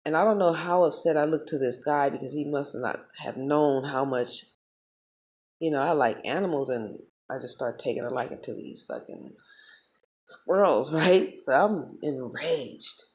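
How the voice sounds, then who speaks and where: Low-voiced woman telling a heated story. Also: normal speed. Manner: heated, profane and animated storytelling. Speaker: vlogger. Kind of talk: casual storytelling monologue.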